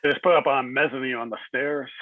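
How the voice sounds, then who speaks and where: A man's voice: medium pitch, steady tone, fast, no echo. A man on a podcast panel making brief, joking interjections over a tinny, phone-like connection. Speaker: guest panelist. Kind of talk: casual roundtable chat.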